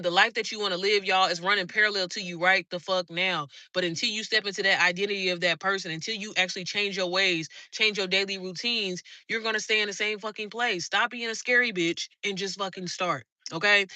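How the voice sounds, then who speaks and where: On a live stream, a woman who coaches online businesses speaks in a sharp, mid-range voice, fired up, blunt and loaded with profanity. No room sound is audible.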